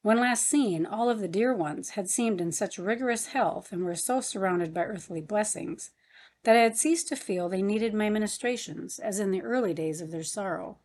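A woman narrating a story in a measured, earnest reading voice. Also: mid-range voice, darkish tone. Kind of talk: audiobook narration.

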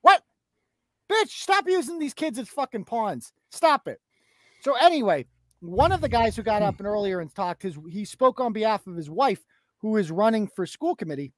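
A woman co-host ranting on a live talk show, scornful and crude, her pitch leaping up and down as she goes. The voice is dry and close, with no room sound behind it. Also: lively intonation, normal speed, dry recording. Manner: profane, mocking, scornful. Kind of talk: heated live-show commentary.

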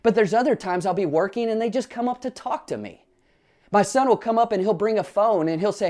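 A man's voice: sits high, fairly quick, darkish tone. A man preaching a sermon as pastor, earnestly asking his listeners rhetorical questions and telling personal family stories.

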